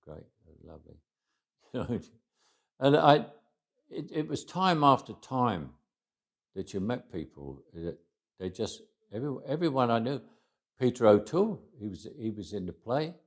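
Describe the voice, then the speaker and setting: A man in his eighties, an interview guest, recounts anecdotes in a reflective way, often restarting his words. His mid-range voice is very animated yet unhurried, with frequent pauses.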